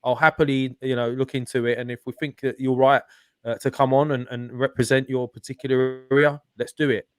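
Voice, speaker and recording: A man hosting a live-stream chat, upbeat and loose, his talk full of fillers and asides. His voice sits at an ordinary middle pitch. The sound is dry and close, with almost no room around it. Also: flat delivery, a little fast, clean tone, no echo. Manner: upbeat, chatty, many fillers. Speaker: channel host.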